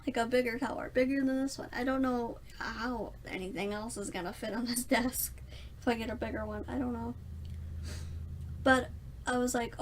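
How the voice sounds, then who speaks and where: A woman's voice: on the high side, a little hiss or hum. A young woman rambling through a casual storytime vlog, self-mocking and laughing often. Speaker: vlogger.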